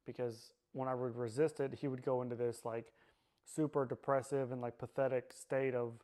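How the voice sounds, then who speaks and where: A man telling his own story in a personal testimony, quiet and subdued, halting and searching for words with many fillers. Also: medium pitch, little pitch movement. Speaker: survivor sharing his story.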